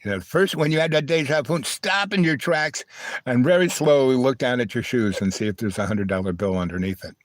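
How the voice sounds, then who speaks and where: A man's voice: medium pitch, brisk. A man in the middle of his voice range, spinning a loose, wandering anecdote for his live stream. He doubles back and digresses as he goes. The sound is dry and close, with no room echo. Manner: meandering, digressive, full of asides. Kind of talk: rambling personal storytelling.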